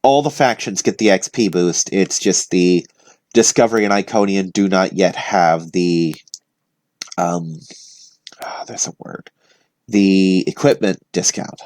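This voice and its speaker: Young man, vlog host, casual rambling chat, fillers and restarts, lowish voice. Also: a little slow, a little mellow, no echo. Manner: loose and conversational, with frequent fillers and restarts.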